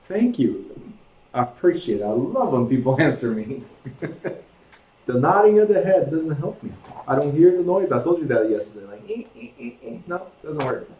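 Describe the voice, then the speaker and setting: A man's voice: on the high side, very animated, normal speed, warm tone. Casual man teaching a class. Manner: direct, conversational, checks in with the class. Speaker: real estate instructor. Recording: echoey classroom.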